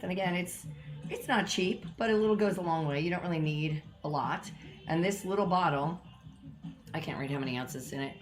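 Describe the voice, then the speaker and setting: Slightly breathless, the host of a home cocktail show rambles chattily through her live stream, poking fun at herself along the way. An echoey room and a built-in microphone, not her regular one, leave the sound quality lower.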